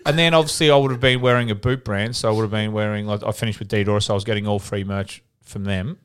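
A young former footballer from Australia co-hosts a casual podcast, swearing freely through animated stories. He speaks quickly and smoothly in a voice on the low side.

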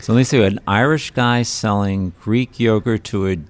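A man hosting an interview, conversational and quick with asides as he guides the guest. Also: lowish voice, fairly even intonation. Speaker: interview host.

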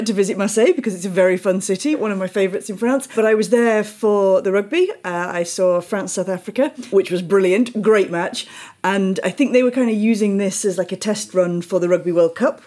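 A British woman, a news editor, chatting on a podcast and explaining things upbeat and clearly. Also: mid-range voice, a little fast, dark tone. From Britain. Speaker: editor and regular guest. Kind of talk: casual podcast chat.

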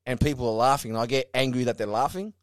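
A man's voice: mid-range voice, fairly even intonation, fast talker, dry recording, clean studio sound. Sweary man telling stories. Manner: blunt, sweary storytelling. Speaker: stand-up comedian. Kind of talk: casual podcast chat.

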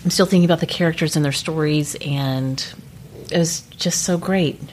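A woman hosts a casual podcast chat with a lowish voice. She gushes and agrees eagerly, and faint background noise sits under her speech. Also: darkish tone. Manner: enthusiastic, quick to agree, gushing. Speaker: podcast host.

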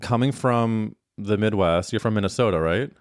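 A man's voice: lowish voice, normal speed, no echo, studio quality. A man hosting a podcast in casual chat, campy and teasing. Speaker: podcast host.

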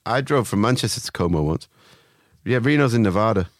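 A man co-hosting a casual podcast, his slightly low voice swinging widely as he tells stories. He drops into impressions and swears freely. The sound is dry and close. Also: fairly quick, no room sound. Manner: animated storyteller who mimics voices and sweats casually. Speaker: podcast co-host. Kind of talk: casual chat.

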